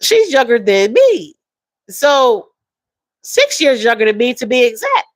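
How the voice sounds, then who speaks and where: A woman's voice: on the high side, very animated, unhurried, no room sound, rough recording. A woman, talking openly and emotionally while reading out viewer comments. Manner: emotional, reads viewer comments aloud, drawls. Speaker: livestream host. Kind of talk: casual live-stream chat.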